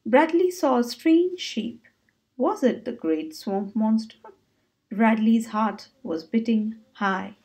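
A woman storyteller reading a children's bedtime story aloud in an expressive, sing-song manner. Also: on the high side, slow pace.

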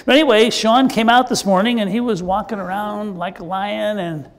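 A man's voice: sits high, fairly even intonation, a little fast, in a large hall. An older man, a pastor, telling a children's sermon in a playful, chatty way with the kids. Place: church sanctuary.

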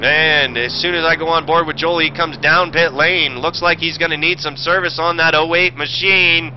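A man calls a sim race off the cuff, excitable and profane, with a voice set a little high. The audio is dull and muffled, and loud game engine noise runs underneath. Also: normal speed. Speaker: sim racing commentator and streamer. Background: racing game engine noise.

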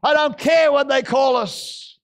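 A male pastor preaching a fervent sermon, shouting and then dropping to low, intense exhortation. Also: fairly even intonation, a little slow.

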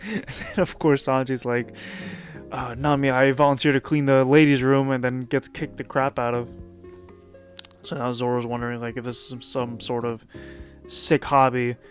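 A man casually recapping and commenting on a manga chapter in a loose, chatty way, with plenty of fillers. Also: mid-range voice. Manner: loose, chatty retelling with frequent fillers and quick laughs.

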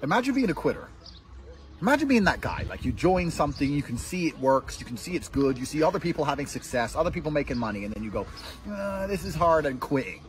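A man's voice: mid-range voice, big pitch swings, quick pace, few pauses. A man delivering provocative monologues in a brash, profane, lecturing way. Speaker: self-styled money and lifestyle guru. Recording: echoey clips with faint music.

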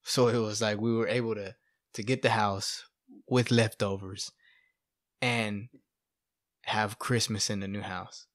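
A man sharing his testimony in a casual, animated storytelling way, often asking "right?" and "you know". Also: fairly low pitch, a little slow, long pauses, dry recording, studio quality. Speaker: podcast guest sharing testimony.

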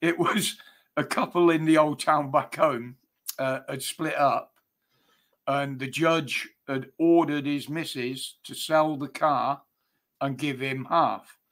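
A man chatting on a live stream, speaking calmly and matter-of-factly. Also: fairly high pitch. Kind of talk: casual chat.

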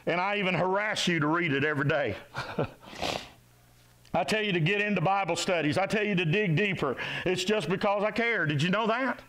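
A man preaching a sermon as pastor, exhorting his congregation, rising to shouts and dropping low. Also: normal speed, rough recording. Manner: animated, exhorting, rises to shouts and drops to low tones. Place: church sanctuary.

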